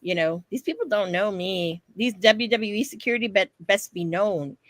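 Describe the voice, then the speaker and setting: A woman co-hosting a podcast, telling a story in a lively way, acting out what she and others said, and swearing freely. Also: medium pitch, moderate pace, no room sound. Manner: animated storytelling, acts out quotes, swears freely. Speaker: podcast co-host. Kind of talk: casual chat.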